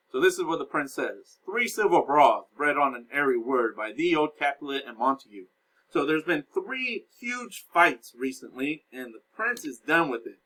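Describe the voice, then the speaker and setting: A man's voice: a little high, animated, moderate pace, pushed and bright, low-quality recording. A man teaching a class, recapping a play in a casual, explaining way and paraphrasing its lines in everyday speech.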